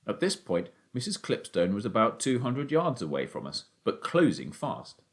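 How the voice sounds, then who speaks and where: A man's voice: fairly low pitch, normal speed. A man reading a children's novel aloud as a first-person audiobook narrator. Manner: expressive storytelling, narrating as a boy.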